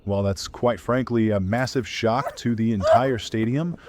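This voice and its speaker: A man giving a deadpan parody sports commentary in a mock-formal tone. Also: medium pitch, a little slow, background noise, pitched below the performer's own voice, lightly acted.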